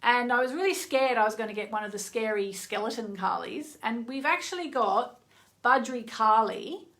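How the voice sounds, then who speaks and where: A woman's voice: a little high, moderate pace, a bit bright. A middle-aged woman hosting a live stream, chatting casually and effusively as she reads oracle cards. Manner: chatty, easily sidetracked, effusive.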